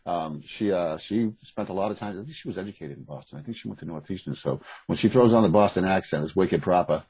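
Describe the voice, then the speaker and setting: A man's voice: sits low, fast, warm tone, breathy edge, dry recording, poor audio. A middle-aged man speaking as a guest in a casual interview, candid and blunt, rambling with restarts. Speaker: guest, author.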